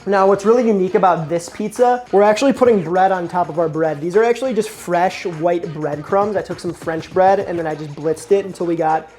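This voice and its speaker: A man's voice: high-pitched, fairly quick, few pauses, darkish tone, soft background music. A man hosting a casual cooking vlog in a kitchen, talking in an enthusiastic, slangy, chatty way. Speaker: cooking show host.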